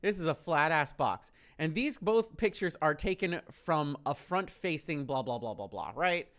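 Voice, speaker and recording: A man's voice: on the high side, unhurried, fairly bright tone. A man telling a story on a stream, profane, incredulous and exasperated.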